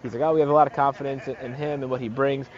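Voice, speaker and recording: A man's voice: medium pitch, fairly even intonation, racing. A man, a sports reporter calling in by phone from an arena, talking casually and rambling with many fillers. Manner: rambling, lots of fillers and restarts. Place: arena in another city. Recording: dull phone-in line.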